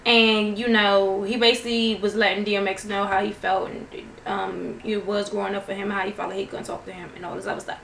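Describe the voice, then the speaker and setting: A woman casually recapping a TV show in a vlog, chatty and animated, quoting people as she goes. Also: medium pitch, fairly quick, vocal fry. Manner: chatty, animated retelling with quoted dialogue. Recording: echoey room, faint noise.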